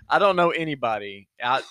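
A man's voice: medium pitch, animated, moderate pace, pushed and bright, clear, resonant tone, dry recording. A man chiming in casually with friends, musing and joking in an easygoing way. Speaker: podcast co-host. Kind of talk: casual chat among friends.

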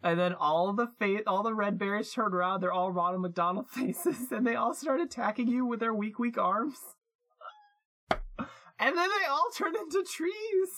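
A man's voice: high voice, moderate pace, few pauses, a bit bright. A man co-hosting a podcast in casual chat. He talks playfully, builds silly ideas with rising glee and laughs easily at his own jokes. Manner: playful, giggly, spins absurd ideas. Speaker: podcast co-host.

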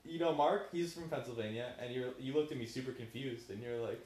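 A man's voice: mid-range voice, fairly quick. A young man co-hosting a podcast, telling profane stories in casual chat. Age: young adult. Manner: profane storyteller, animated. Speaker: podcast co-host. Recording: echoey room.

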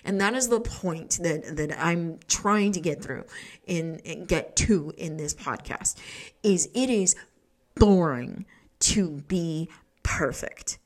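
A woman's voice: on the low side, unhurried. A woman hosting a solo podcast in a rambling, profane way, laughing often and restarting her sentences. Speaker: podcast host. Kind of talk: casual solo podcast talk.

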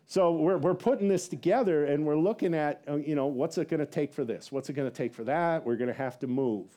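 A male pastor preaching a sermon as a rambling personal story, acting out what people said with big swings in his voice and laughing at himself. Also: fairly quick. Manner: animated, acts out quotes with big pitch jumps; rambling with many fillers and self-laughs.

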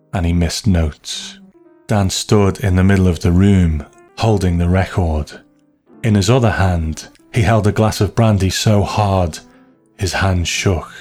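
Male narrator, deep voice, unhurried, measured storytelling, faint music behind. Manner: slow, measured, hushed storytelling.

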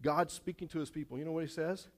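A man preaching in a church sanctuary, his voice pitched high for a man and swinging between rising intensity and quiet lows. He repeats phrases for emphasis and slips in wry asides to the congregation. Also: fast. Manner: animated, repetitive, with self-aware jokes. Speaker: pastor. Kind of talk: sermon.

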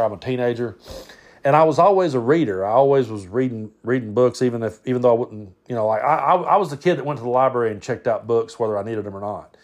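A man's voice: medium pitch, darkish tone. A man, telling stories on his podcast in a rambling, self-interrupting way. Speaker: podcast host. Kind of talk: casual storytelling.

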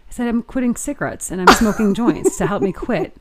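A woman co-hosting a podcast in casual chat, telling animated stories and giggling often. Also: medium pitch, brisk, heavy background noise. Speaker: podcast co-host.

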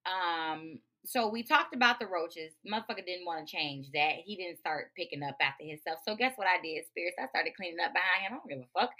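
A woman hosting a podcast, talking in a profane, emphatic, animated rant. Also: mid-range voice. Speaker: podcast host. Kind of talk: casual ranting monologue.

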